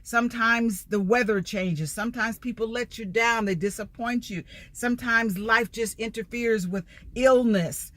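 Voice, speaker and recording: A woman's voice: a little high, unhurried, hardly any pauses, a bit bright, no room sound. A middle-aged woman, a life coach, giving an emphatic motivational talk in a repetitive preaching cadence. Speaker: life coach and empowerment speaker.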